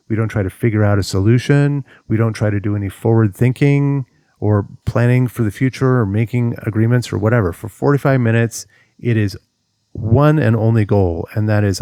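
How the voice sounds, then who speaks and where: Male relationship coach, slightly low, gravelly voice, earnest and direct, walking listeners through steps. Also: dark tone, no room sound, studio quality. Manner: earnest, steps through advice, acts out inner monologue. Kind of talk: direct-to-camera advice talk.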